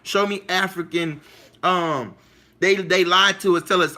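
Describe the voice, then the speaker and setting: High, bright-voiced man streaming live. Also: steady tone, measured pace. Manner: emphatic, repetitive, keeps asking listeners if they follow. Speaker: livestream host. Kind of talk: casual livestream monologue.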